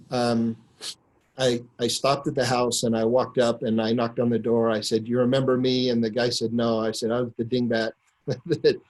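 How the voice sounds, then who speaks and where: A man on a webinar, earnestly telling a personal story and slowing down to stress key words. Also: mid-range voice, a little mellow, low-quality recording. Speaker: webinar speaker.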